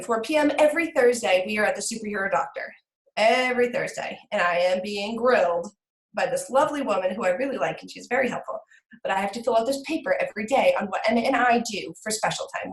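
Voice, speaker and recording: Frank, emotional mom in an echoey room. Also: female voice. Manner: frank, emotional, swears casually, rises to high pitch when agitated. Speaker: team leader sharing with her group. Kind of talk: candid talk to a team call.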